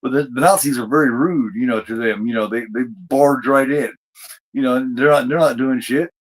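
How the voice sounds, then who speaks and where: A man's voice: medium pitch, a little fast, poor audio. A man hosting a podcast, retelling a TV episode in a casual, rambling way full of fillers and restarts. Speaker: podcast host. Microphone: streamed podcast mic.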